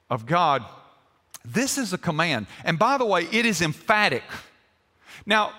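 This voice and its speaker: Older pastor preaching, bright voice a bit high, long echo off the church walls. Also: male voice. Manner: folksy, asks the congregation questions. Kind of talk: sermon. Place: church sanctuary.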